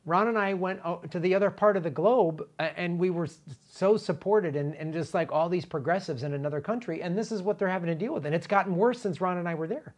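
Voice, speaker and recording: A middle-aged man hosting a political commentary show, talking in an animated, indignant way with emphatic repetitions. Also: high voice, fast talker, hardly any pauses.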